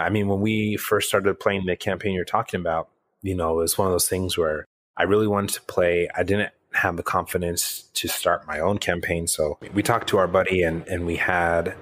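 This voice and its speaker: Male co-host, deep voice, dry close sound, rambling casual talk. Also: fairly bright tone, dry recording. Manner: rambling, many restarts and fillers. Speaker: podcast co-host and game master. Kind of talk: casual chat.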